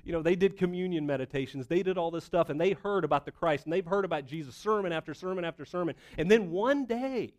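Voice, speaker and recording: Animated man preaching a sermon. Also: high voice, fast, hardly any pauses. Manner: animated, conversational preaching with rhetorical questions. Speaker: pastor.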